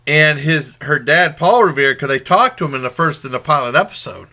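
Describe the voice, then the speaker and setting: A man's voice: a little high, fairly quick, bright, forceful tone. A man casually reviewing a new TV comedy, retelling the plot in a rambling, informal way. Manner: informal and conversational. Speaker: TV show reviewer.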